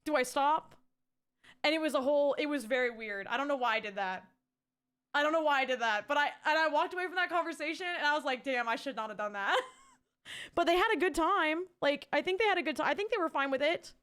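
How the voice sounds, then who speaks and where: A woman's voice: sits high, quick pace, a bit bright. A young adult woman, streaming and chatting casually, bubbly and rambling as she thanks her chat.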